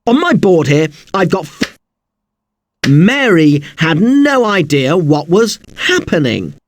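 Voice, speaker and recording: A man teaching an English spelling lesson, spelling words out slowly letter by letter. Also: a little high, very animated, no room sound.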